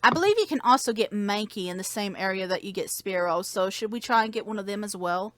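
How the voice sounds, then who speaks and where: A woman's voice: mid-range voice, lively intonation, fast, a bit bright. A woman chatting casually while playing a video game with a friend. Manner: chatty, reads on-screen text aloud. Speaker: co-host of a game playthrough. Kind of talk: casual gaming commentary.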